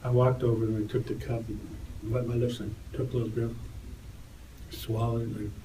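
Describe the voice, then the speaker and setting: A man's voice: medium pitch, fairly quick, slight background noise. An older man, a guest in an interview, telling stories and lifting his voice as he acts out the dialogue. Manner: lively storyteller, raises his voice for quoted dialogue. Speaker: interview guest, tour photographer. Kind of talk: animated anecdote storytelling. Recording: roomy, distant mic, faint ambience.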